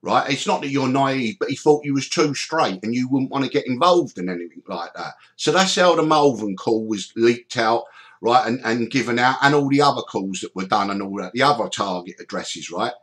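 A middle-aged man hosting a podcast, telling stories in an animated way, swearing freely and acting out the people he quotes. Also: mid-range voice, normal speed. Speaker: podcast host. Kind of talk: storytelling chat.

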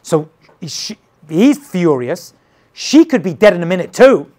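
Animated man teaching a scripture lesson. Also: sits high, a little slow. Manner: dramatic, casual, retells scenes with acted quotes. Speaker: rabbi teaching.

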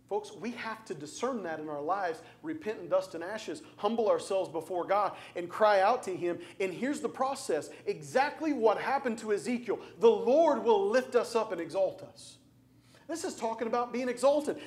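Male preacher, high-pitched, emphatic delivery with repetition and direct questions. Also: expressive, normal speed, a little mellow. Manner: emphatic, repeats phrases for stress; asks the congregation direct questions. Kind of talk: sermon.

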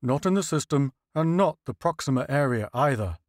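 A man playing a calm, practical pilot general in an audiobook, talking in level, no-nonsense phrases. The sound is dry and close. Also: medium pitch, normal speed, no echo, lightly acted. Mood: steady.

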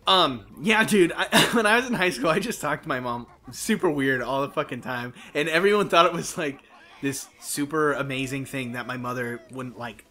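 A man's voice: mid-range voice, moderate pace, bright, forceful tone. A man co-hosting a casual gaming let's play, a crude, joking storyteller who laughs often.

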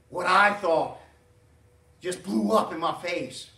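A man pastor, preaching a folksy, animated sermon with frequent asides to the congregation. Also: sits high, slow. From Southern United States. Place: church sanctuary. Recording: roomy church sound from a distance.

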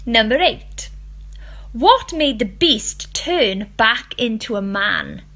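Slow, lively woman teacher reading a quiz. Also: on the high side. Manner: slow, clear and expressive. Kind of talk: reading quiz questions and answers to children.

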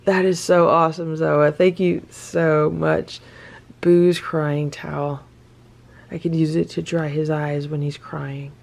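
A woman's voice: sits low, little pitch movement, slow pace, creaky, a little mellow. A middle-aged woman hosting a cat video, opening gifts in casual chat and gushing with delight, sometimes dropping to a whisper or cooing at her cat. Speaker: cat rescue video host. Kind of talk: casual unboxing chat to camera.

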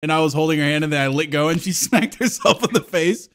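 A man's voice: on the high side, quick pace. A man in his thirties chatting casually on a podcast, telling stories with lots of laughter. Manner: laughing, animated storytelling. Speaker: podcast co-host. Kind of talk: casual chat.

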